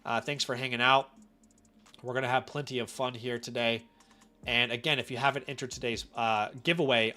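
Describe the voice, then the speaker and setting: A man with a cold hosting a casual live stream, chatty and animated, often asking his viewers questions directly. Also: medium pitch. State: has a cold. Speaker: fantasy football live-stream host.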